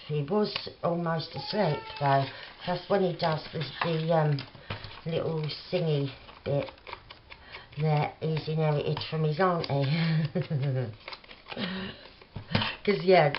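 Casting note: middle-aged Cockney woman, craft vlogger, low unhurried voice, dull lo-fi home recording with clear background noise. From England. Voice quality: soft, rambling with many fillers. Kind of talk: casual chatty crafting commentary.

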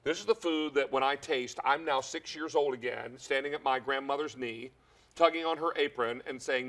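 A man's voice: medium pitch, moderate pace, fairly bright tone. A man with a Southern American accent hosting a home shopping show, enthusiastic and folksy, telling stories as he sells. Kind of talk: upbeat home shopping presentation.

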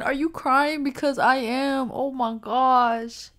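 A young woman hosting a reaction video, talking in an excitable, emotional, slangy way. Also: sits high, slow, few pauses. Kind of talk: casual reaction commentary.

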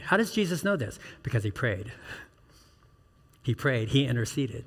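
A man's voice: medium pitch, sing-song, normal speed. Man preaching in a reverberant church. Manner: earnest preaching with rhetorical questions and rising emphatic peaks. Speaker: pastor. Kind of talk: sermon. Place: church sanctuary.

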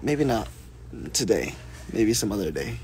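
A man casually answering fan questions on a live stream, soft-spoken and unhurried, reading questions aloud before he replies. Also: fairly low pitch, very animated, slight background noise.

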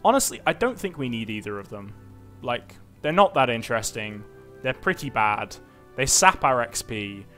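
A man's voice: medium pitch, very animated, normal speed, bright, forceful tone, soft background music. A man streaming a computer role-playing game, giving rambling, self-mocking casual commentary full of fillers.

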